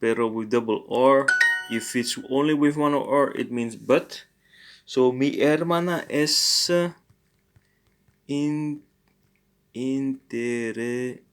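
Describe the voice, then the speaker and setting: The recording has a clean tone: a man teaching a language in a relaxed lesson, his pitch middling and his pace unhurried and deliberate. Hesitating often as he thinks aloud, he cheerfully catches and fixes his own slips.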